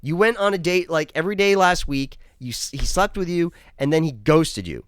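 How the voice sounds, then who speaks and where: A man's voice: a little high, lively intonation, normal speed, fairly bright tone, clear, resonant tone, no room sound. A man reviewing a TV episode in a casual, profane, exasperated rant. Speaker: show reviewer.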